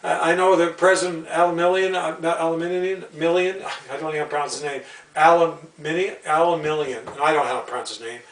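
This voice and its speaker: A man's voice: a little high, fairly even intonation, a little fast, a bit bright, far from the mic. A man hosting a home video, ranting and rambling, often repeating himself and stumbling over words. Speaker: channel host. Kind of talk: rambling opinion vlog. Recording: roomy sound, away from the mic.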